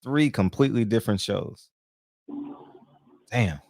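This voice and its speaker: A man co-hosting a casual barbershop-style talk show, relaxed and laughing often. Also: on the low side, a little slow, gravelly, no room sound. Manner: laid-back, laughs often, says "you know what I mean". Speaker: podcast co-host. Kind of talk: casual chat.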